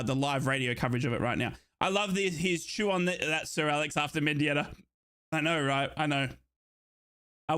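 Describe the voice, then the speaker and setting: Excitable Australian man hosting a watchalong. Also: a little high. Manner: excitable and chatty, bursts into shouted hype. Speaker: watchalong streamer host. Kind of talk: live football watchalong commentary, reading chat aloud.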